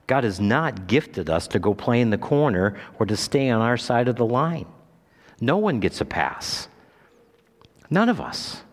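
A male pastor preaching a sermon with emphasis, his voice lifting high when he quotes Scripture. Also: very animated, measured pace, long reverb tail. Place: church sanctuary.

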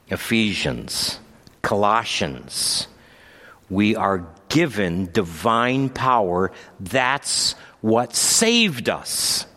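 A man preaches in a church sanctuary, his voice swinging widely up and down in pitch as he shifts between unhurried storytelling and emphatic declarations. He speaks slowly and deliberately, and a long hall reverb trails each phrase. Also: fairly bright tone. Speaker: pastor. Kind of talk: sermon.

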